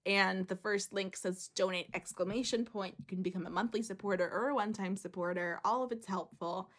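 A woman's voice: mid-range voice, fairly even intonation, brisk, a bit bright. A young woman talks on a casual podcast as one of its co-hosts. Her chat is upbeat and loose, with plenty of fillers and restarts as she runs through recaps and plugs. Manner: chatty, upbeat, uses fillers like "like" and "um". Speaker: podcast co-host.

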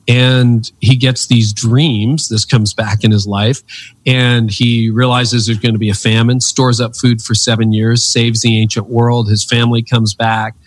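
A man's voice: medium pitch, dry recording. A man in his fifties, a guest author telling stories with earnest, preacherly emphasis in a conversational interview. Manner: animated storyteller with lively swings in emphasis.

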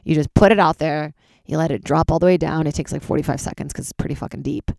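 A woman's voice: low-pitched, quick pace, creaky, darkish tone, dry recording, studio quality. A woman stand-up comedian, tired, chatting candidly and swearing freely in a solo podcast recorded in a closet. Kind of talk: casual solo podcast chat.

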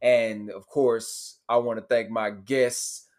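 A man's voice: medium pitch, flat delivery, slow, a little mellow. A young man hosting a casual podcast, laid-back, swearing and laughing easily. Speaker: podcast host. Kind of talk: casual chat.

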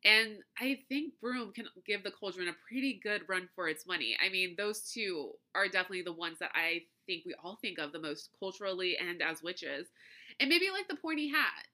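A woman with a very bright, ringing voice hosts her solo podcast. She talks in a loose, chatty way with a light lilt. She laughs often and sometimes trips over her words. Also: mid-range voice, animated, moderate pace. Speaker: podcast host. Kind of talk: casual solo podcast talk.

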